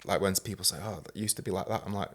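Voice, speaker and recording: A man's voice: low-pitched, steady tone, racing, a bit bright. A man hosting a podcast in casual chat, chatty and profane, telling stories in quoted voices and laughing often. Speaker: podcast host.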